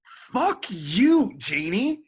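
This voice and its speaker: A woman's voice: fairly low pitch, very animated, normal speed, slightly rough. A woman playing a controlling, volatile young man who lashes out angrily in a stage play. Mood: furious. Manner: angry, manipulative, swearing.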